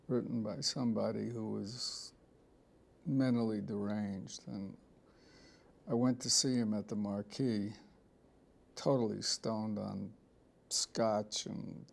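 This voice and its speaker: A film director in an interview, telling rambling, blunt anecdotes with some profanity. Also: male voice, fairly low pitch, gravelly, darkish tone, husky. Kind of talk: interview storytelling.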